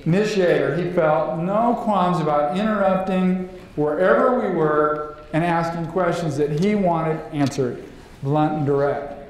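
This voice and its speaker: A man giving a lively live seminar to an audience, asking the room questions and acting out quotes. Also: on the high side, a little slow. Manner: animated, acts out quotes, asks the room questions. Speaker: leadership trainer. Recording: very echoey room, faint noise.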